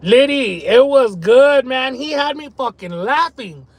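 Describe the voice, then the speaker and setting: Brief: very high-pitched man, profane excitable live streamer eating in his car. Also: a little slow, low-quality recording. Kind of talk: casual live-stream chat while eating.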